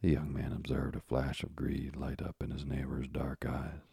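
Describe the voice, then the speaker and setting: Deep gravelly husky male narrator. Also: dry recording, clean studio sound. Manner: low, even, measured reading with soft, half-whispered passages. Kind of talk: audiobook reading of a classic novel.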